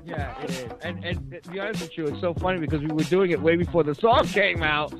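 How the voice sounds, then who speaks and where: Give me a chatty, friendly male radio host with a slightly raised voice, interviewing a rapper and praising his songs. Music plays clearly behind him in the studio. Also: a little high, fast. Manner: friendly, chatty, complimentary questioner.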